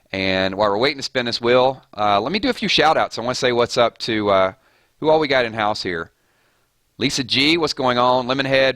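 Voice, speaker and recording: A man hosting a casual gaming live stream, chatting loosely with viewers and giving shout-outs, his voice a little hoarse. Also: medium pitch, dry recording. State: slightly hoarse. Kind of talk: casual live-stream chat over gameplay.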